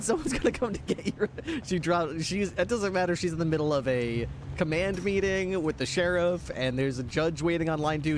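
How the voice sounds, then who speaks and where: A man roleplaying a police dog handler, chatting to his dog in a doting, chatty way and laughing often. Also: fairly high pitch. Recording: game ambience and vehicle noise behind.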